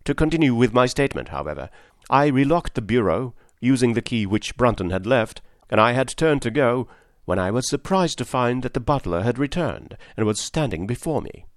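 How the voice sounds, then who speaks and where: A man narrating a story aloud in a measured, formal manner. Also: medium pitch, animated, no echo, studio quality. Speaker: audiobook narrator. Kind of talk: scripted narration.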